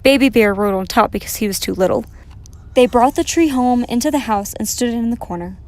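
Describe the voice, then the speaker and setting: A woman reading a children's picture book aloud in a gentle, expressive way. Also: fairly high pitch, brisk. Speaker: storyteller. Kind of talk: children's story read aloud.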